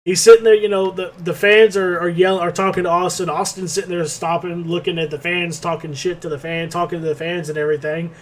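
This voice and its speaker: A man's voice: sits high, level tone, fast, few pauses. A man co-hosting a podcast, telling a rambling, profane play-by-play recap in casual chat. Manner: rambling play-by-play, swears freely. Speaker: podcast co-host.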